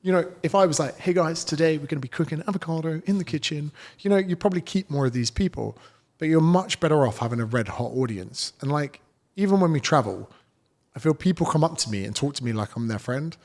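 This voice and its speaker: A man's voice: a little high, expressive, brisk, a little mellow. A man, a fitness coach talking bluntly and swearing freely in a casual podcast chat.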